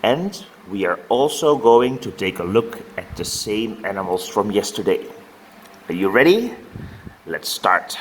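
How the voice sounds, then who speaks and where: A man teaching farm animal names to young learners, saying each word slowly and repeating it for them to copy. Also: lowish voice, big pitch swings, slight background noise. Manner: slow, drawn-out word modelling with repeated words. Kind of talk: children's vocabulary lesson.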